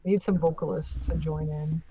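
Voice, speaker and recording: A woman co-hosting a podcast, reading a news article aloud at a steady pace and breaking off for chatty asides. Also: low voice, a little fast, husky, no room sound, highs cut off. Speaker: podcast co-host.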